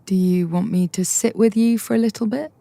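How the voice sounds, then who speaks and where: A woman's voice: mid-range voice, steady tone, brisk, vocal fry, warm tone, no echo, voice pushed up, natural voice. A woman reading the part of a nervous, eager young man who stumbles over his words.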